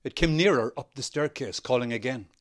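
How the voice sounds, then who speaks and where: A man with a Northern Irish accent, an actor reading a novel aloud in a measured, expressive way. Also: medium pitch. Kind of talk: literary reading.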